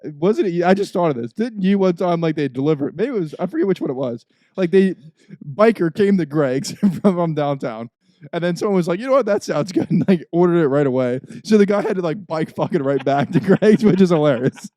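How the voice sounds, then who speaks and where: A young man, a podcast host, telling a profane, ranting story in casual chat, swinging between low mutters and loud outbursts. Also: expressive, fairly quick, no echo.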